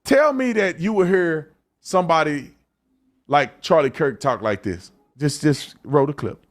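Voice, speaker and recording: A man's voice: fairly high pitch, lively intonation, unhurried. A man on a played clip from a commentary show, talking boastfully and confrontationally.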